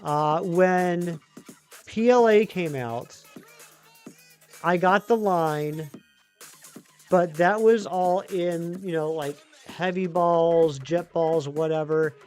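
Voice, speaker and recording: Male streamer, high voice, chatty and excitable, faint music underneath. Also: takes it slowly. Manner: chatty, excitable, talks to chat. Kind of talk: live gaming stream chat.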